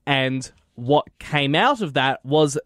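An Australian man presenting news items on a radio show in a measured, plain way. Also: medium pitch, animated, fairly bright tone, no echo, clean studio sound. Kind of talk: reading news items in chat.

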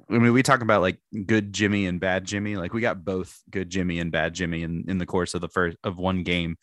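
A young man with a very low, deep voice talks football on a podcast, his words tumbling out in restarts and bursts of laughter. The sound is close and dry, with no room around it. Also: no room sound. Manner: animated, restarts often, laughs while talking. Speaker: podcast co-host. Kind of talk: casual sports chat.

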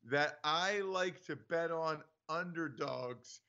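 A man's voice: fairly high pitch, takes it slowly, sharp tone, lo-fi sound. A man who is a former pro football player, chatting loosely and confidently on a sports podcast. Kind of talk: casual sports podcast banter.

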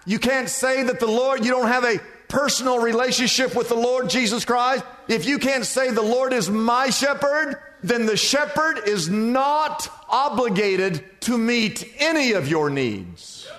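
A man preaching with a very high, lively voice that climbs and dips, drawing out his words slowly. His sermon rings through a large church with a long reverb tail. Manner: emphatic preaching, stretching key words. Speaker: pastor.

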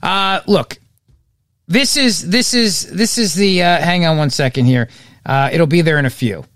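A man's voice: on the high side, measured pace, fairly bright tone, no echo. A man hosts a political commentary podcast in a slightly raised voice, full of sarcasm and mockery. His delivery is dry and close with no room sound. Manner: sarcastic and mocking. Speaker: podcast host.

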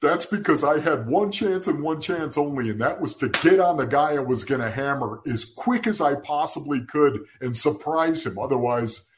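A man's voice: on the high side, expressive, normal speed, hardly any pauses. A man in his sixties, a former football player co-hosting a podcast, joking and bantering in casual chat.

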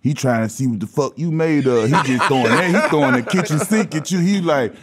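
A man from Los Angeles sits in as a guest and spins casual stories in a notably high voice for a man. He acts out the people in his tales, shifting his voice for each quoted line, and laughs a lot as he talks. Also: a little fast, over a noisy crowd. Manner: animated storyteller who acts out quoted voices, laughing often. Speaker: podcast guest, former basketball player. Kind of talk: casual storytelling chat.

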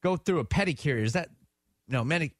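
A man telling a story on morning radio. His voice sits high and leaps all over as he acts out each quoted line. The studio sound is dry and close. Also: lively intonation, a little fast, no echo. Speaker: radio co-host.

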